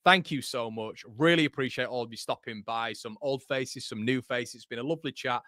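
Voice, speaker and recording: Chatty bright-voiced football streamer. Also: male voice, mid-range voice, fairly quick, no echo, clean studio sound. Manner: chatty, reads out viewer comments; repeats words and restarts. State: tired. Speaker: football channel host. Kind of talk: live match watchalong chat.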